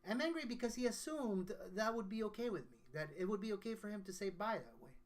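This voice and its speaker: A man's voice: sits high, animated, fast. A man, a guest songwriter, telling a personal story in casual conversation, earnest and emotional, often restarting his sentences.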